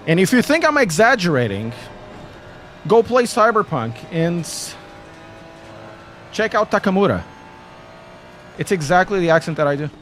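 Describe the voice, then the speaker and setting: A man's voice: high voice, very animated, moderate pace, pauses often, fairly bright tone, slight background noise. A man, chatting casually and rambling jokily on a sim racing live stream. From Portugal. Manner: rambling, self-deprecating and jokey.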